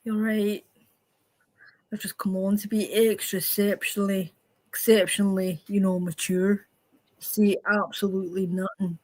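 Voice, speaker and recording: A woman chatting casually on a livestream panel, telling loud, sweary stories and laughing often. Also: mid-range voice, level tone, normal speed, poor audio. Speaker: streamer panel guest.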